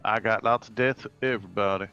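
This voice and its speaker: A swaggering gunslinger with a put-on American accent, played by a man, bragging in a bright, forceful cowboy drawl. The sound is dull and lo-fi, as from a cheap mic at a tabletop game. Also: fairly low pitch, quick pace, clear, resonant tone. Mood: cocky.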